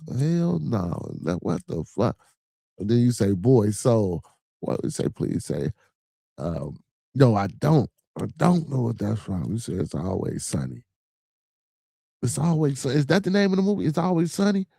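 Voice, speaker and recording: A man's voice: mid-range voice, vocal fry, warm tone, no echo, studio quality. A middle-aged man from Chicago hosting a live podcast, chatting loosely with viewers, laughing, swearing and repeating himself. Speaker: podcast host. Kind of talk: casual live-stream chat reading viewer comments.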